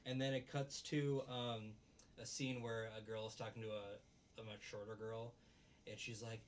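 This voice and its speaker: A man casually recapping an anime episode with animated retelling, recorded on a distant mic with faint background noise. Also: on the low side, normal speed. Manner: animated retelling, acts out characters' lines. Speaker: anime review host.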